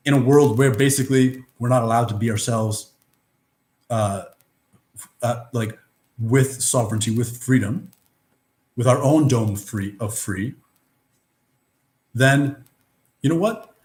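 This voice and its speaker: A man's voice: medium pitch, measured pace, pauses often. A man giving a rambling, philosophical monologue, blunt and profane, with many restarts. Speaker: vlogger. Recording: roomy echo.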